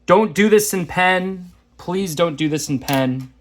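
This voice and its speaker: A man's voice: high-pitched, slow, a bit bright, a little hiss or hum. A man teaching a math lesson, walking through graphing problems in a chatty, self-deprecating way. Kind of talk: casual lesson walkthrough.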